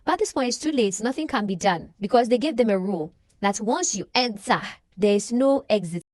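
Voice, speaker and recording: A woman's voice: medium pitch, lively intonation, a little fast, a little mellow, no room sound, clean studio sound. A young woman, casually recapping a movie and acting out the characters' lines. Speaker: movie reaction vlogger.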